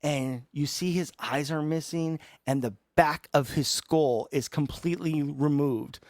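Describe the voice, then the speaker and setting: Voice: mid-range voice, unhurried, darkish tone, no echo. A podcast co-host recapping a horror film in casual chat, sarcastically lecturing the characters.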